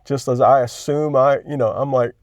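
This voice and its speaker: A man hosting his own channel, talking candidly and emotionally about his faith, halting and restarting as he gets worked up. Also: mid-range voice, steady tone, no echo, studio quality. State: chronic pain. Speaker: Christian video host. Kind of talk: emotional personal reflection.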